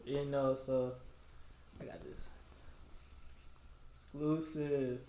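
A man's voice: medium pitch, flat delivery, very slow, warm tone, a little hiss or hum. A young man on a podcast chatting casually in slangy banter, talking about his clothing brand. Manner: laid-back slangy banter, laughs often.

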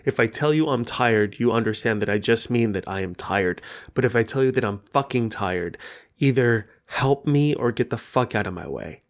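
A man whose first language is Persian talks alone on his podcast in a loose, unscripted way, his voice sitting at a middle pitch. He swears often and without apology. He circles back on his points with plenty of "uh" and "like.". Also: animated, moderate pace. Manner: profane, frank, rambling with many fillers. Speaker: podcast host. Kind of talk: casual solo podcast talk.

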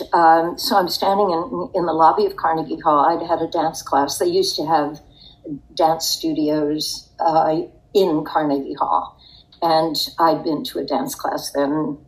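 An older woman speaking in a low-set voice at a slow, unhurried pace. She looks back on her past with reflective pauses and the odd soft laugh, as an interview guest. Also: poor audio. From United States. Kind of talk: interview storytelling.

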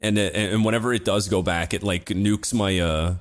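Young male co-host, lower voice, loose rambling storyteller who swears freely. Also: fairly even intonation, brisk. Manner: rambling, swears a lot, many fillers. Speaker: podcast co-host. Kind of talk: casual chat, storytelling.

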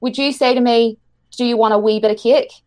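A woman's voice: on the high side, fairly even intonation, brisk, darkish tone. A woman from Ireland with an Irish accent, chatting casually and laughing often. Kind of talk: casual chat.

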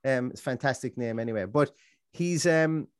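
A man's voice: mid-range voice, normal speed, dry recording, studio quality. A man, co-hosting a casual football podcast and talking in rambling runs full of restarts and fillers. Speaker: podcast co-host.

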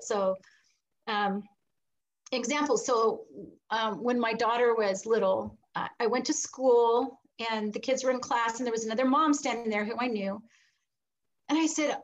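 Her voice is a little high and the recording is rough. A middle-aged woman guesting on an interview tells a personal story with animation, acting out the people she quotes and laughing between lines.

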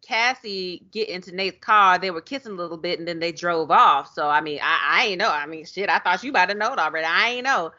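A woman's voice: lowish voice, brisk, hardly any pauses, pushed and bright. A woman acting out an evasive young woman who spills gossip with hesitant, offhand talk, on a muffled recording. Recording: muffled lo-fi audio.

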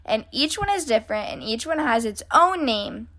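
A woman reading a storybook aloud and voicing an excited little girl bear cub who gushes breathlessly. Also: fairly high pitch, normal speed. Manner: breathless, eager, gushing.

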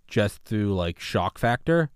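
A man's voice: on the low side, very animated, takes it slowly, clear, resonant tone, no room sound, clean studio sound. A man hosting a podcast, chatting in a rambling, laid-back way with lots of fillers. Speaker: podcast host. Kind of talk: casual chat.

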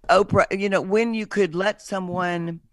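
A woman chatting casually as a podcast host, blunt and animated, acting out the lines she quotes and swearing freely. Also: lowish voice, takes it slowly, no room sound, clean studio sound. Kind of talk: casual chat.

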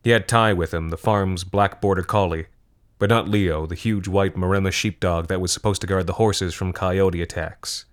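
A man narrating a dark short story with a calm, measured delivery. His voice sits very low. The telling stays steady and deliberate throughout. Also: clean tone. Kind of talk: scripted horror fiction narration.

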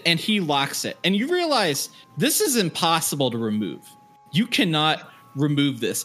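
A man's voice: a little high, a bit bright. A man narrating as game master of a tabletop game, loose and full of fillers.

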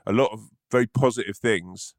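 A man's voice: fairly low pitch, fairly quick, no room sound, studio quality. A man co-hosting a podcast in loose, comedic chat, often laughing. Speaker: podcast co-host.

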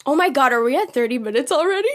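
Young woman on a chatty podcast, kinda high voice, laughs a lot, rambles with lots of ums. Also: animated, very fast, fairly bright tone. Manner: giggly, laughs often, rambling with fillers. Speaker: podcast co-host. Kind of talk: casual podcast chat.

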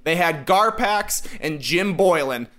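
A man's voice: fairly high pitch, takes it slowly. A man on a sports panel, arguing animatedly and emphatically about basketball. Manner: animated, emphatic, rising to shouts. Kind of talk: excited basketball debate.

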